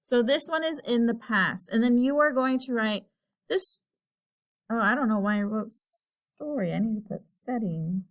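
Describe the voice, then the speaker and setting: Woman teacher recording a lesson video, slightly high voice, slow and patient, thinks aloud as she types. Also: expressive.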